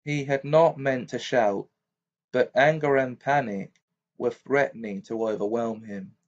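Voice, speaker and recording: A man's voice: mid-range voice, unhurried. Man narrating an amateur audiobook. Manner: steady reading with occasional stumbles. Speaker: audiobook reader. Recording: dull lo-fi recording.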